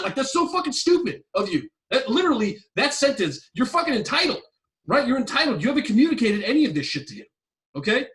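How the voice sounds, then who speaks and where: Profane ranting man, high lively voice. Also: fast, distant mic. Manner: profane, emphatic, repetitive ranting. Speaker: podcast host giving relationship advice. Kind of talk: blunt advice-show rant.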